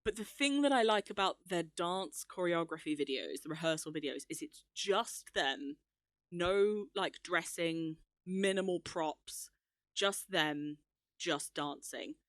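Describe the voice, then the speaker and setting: Young woman, podcast co-host, eager chatter, low-ish pitch, dry mic. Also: animated, measured pace, a bit bright, no room sound. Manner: enthusiastic, chatty, laughs often. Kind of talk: casual chat.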